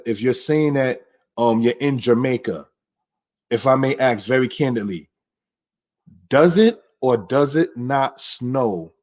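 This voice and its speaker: Man teaching a slow, emphatic Hebrew class. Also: mid-range voice, darkish tone. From United States. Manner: conversational, addresses listeners as brothers and sisters; slows and stresses key words. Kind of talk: live online class.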